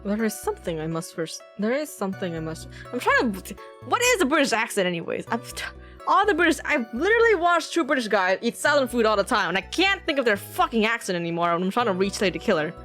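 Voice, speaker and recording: A woman streamer chatting casually as she plays, animated and swearing freely. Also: a little high, fast, soft background music. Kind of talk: casual game commentary.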